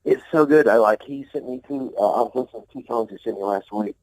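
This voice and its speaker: A man's voice: mid-range voice, quick pace, a little mellow, dry recording, low-quality recording. A man being interviewed about his music, talking in a loose, rambling, profane way, often repeating himself and laughing. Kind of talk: casual interview talk.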